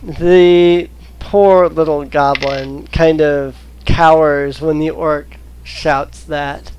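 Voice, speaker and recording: A game master narrating a tabletop game over voice chat, slow and hesitant with many fillers. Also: female voice, low voice, fairly even intonation, darkish tone, muffled recording, slight background noise. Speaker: dungeon master.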